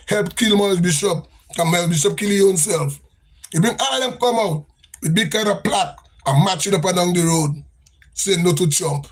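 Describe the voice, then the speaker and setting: A man with a Grenadian accent giving an impassioned, repetitive political rant on a livestream. He talks with a sing-song cadence. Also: high voice. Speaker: livestream host.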